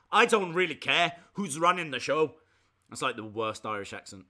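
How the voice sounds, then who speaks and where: A man giving casual live reactions as a streamer, chatty with excitable, jokey asides. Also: fairly high pitch, normal speed.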